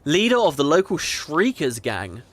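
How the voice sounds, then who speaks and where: A man hosting a gaming video speaks at a measured pace in a voice on the high side. He chats casually and reads game text aloud, chuckling with animated, mock-dramatic commentary.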